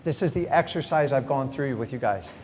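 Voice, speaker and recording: A middle-aged man, a real estate coach, teaching a live seminar with energy and speaking straight to the audience. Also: a little fast. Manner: energetic, talks straight to the crowd. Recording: reverberant hall, faint rumble.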